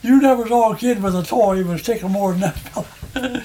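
A man's voice: high-pitched, normal speed, mellow, poor audio. An older man spinning a rambling fishing yarn in country dialect, chuckling between lines. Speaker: storyteller. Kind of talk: oral history storytelling.

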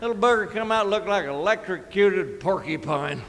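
A middle-aged man spins a comic yarn in a drawling, deadpan way. His voice sits a little high. It carries the long reverb of a live hall over faint ambience. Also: moderate pace, slight background noise. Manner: drawling, deadpan, with sound effects and chuckles. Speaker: storyteller. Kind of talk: folksy comic storytelling.

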